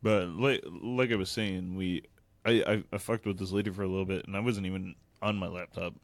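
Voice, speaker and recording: A man's voice: deep voice, fairly even intonation, a little fast, dry recording. A young man co-hosting a podcast, telling a rambling anecdote in casual chat. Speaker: podcast co-host.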